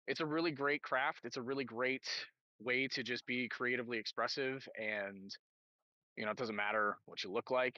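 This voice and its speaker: A man's voice: medium pitch, sharp tone, no echo, muffled recording. A professional voice actor, a man, introducing himself in a friendly, rambling way with many fillers. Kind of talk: casual self-introduction. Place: outdoors on a street.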